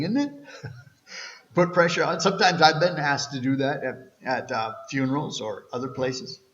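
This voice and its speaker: Male pastor, earnest conversational sermon, mid-pitched, long church reverb. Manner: earnest, conversational preaching with restarts. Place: church sanctuary. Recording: echoey church hall, slightly dull.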